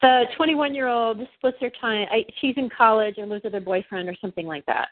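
Woman, client in coaching session, halting, restarts, tinny phone sound. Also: fairly high pitch, dry recording. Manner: halting, hesitant, many restarts. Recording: dry tinny phone-like line.

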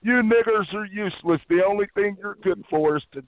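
High-voiced man sneering over a phone line. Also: a little fast. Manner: taunting, sneering, relentlessly abusive. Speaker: radio show host making prank calls. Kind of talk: prank phone call rant. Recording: phone-like line with faint music.

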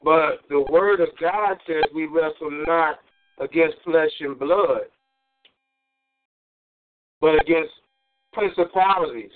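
A man preaching a sermon, swinging between high exclamations and low asides and repeating phrases for emphasis. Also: slow, pauses often. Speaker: pastor. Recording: tinny phone-line sound.

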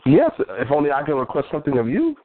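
A man voicing a pompous, overly formal gentleman on a phone line. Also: a little high, wildly swooping pitch, fast talker, no echo. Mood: haughty. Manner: stiff, overly formal diction.

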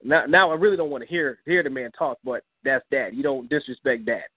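A man's voice: brisk, no room sound. A young man, the guest, earnestly telling a personal story in an interview and acting out the dialogue he recalls. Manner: earnest, acts out quoted dialogue with rising pitch. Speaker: guest, comic book creator. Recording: dry phone-line call-in audio.

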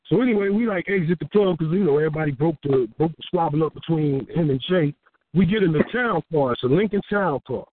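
A man from Houston, a rapper, telling a story in a casual interview, profane and animated, acting out what people said. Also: on the high side, fast talker. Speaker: rapper and guest. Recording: tinny phone-like dry sound.

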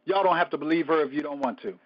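A pastor leads a Bible study in a conversational preaching style, emphatic and colloquial, often repeating phrases and breaking into praise. His voice is on the high side and rapid-fire, and the lo-fi recording sounds dull.

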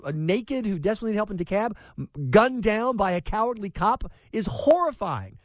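Animated man hosting talk radio. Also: sits high, dry recording. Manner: animated, emphatic, sarcastic asides. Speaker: radio talk show host. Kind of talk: opinionated talk radio monologue.

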